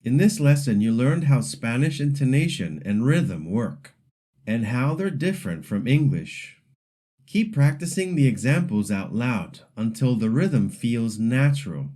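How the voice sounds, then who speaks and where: A man narrating a scripted pronunciation lesson as the teacher, deliberately modeling example sentences for learners to repeat. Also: medium pitch, very animated, warm tone. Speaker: language teacher.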